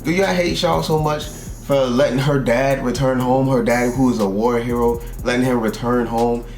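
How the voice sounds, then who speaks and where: A young man from South Carolina, reacting to an anime in casual, excitable and profane commentary from a room at home. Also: medium pitch, normal speed, soft background music. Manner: excitable, profane, animated outbursts. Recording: roomy echo, faint background hiss.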